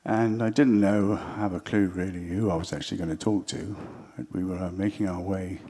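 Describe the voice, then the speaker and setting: A man's voice: deep voice, fairly even intonation, normal speed, dark tone, breathy edge. A man telling an earnest story to a church gathering, acting out both sides of a conversation. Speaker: church member sharing a story. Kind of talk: spoken testimony to an audience.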